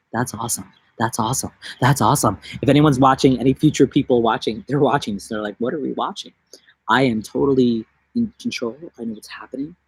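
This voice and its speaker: A man from New York chats casually on a live stream, drifting from one joke to the next in a rambling, goofy way. His voice sits at a middling pitch for a man. The sound is close and dry, with no room echo. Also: husky. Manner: rambling, jokey, goofy tangents. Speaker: livestream host. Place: outdoors in a busy city.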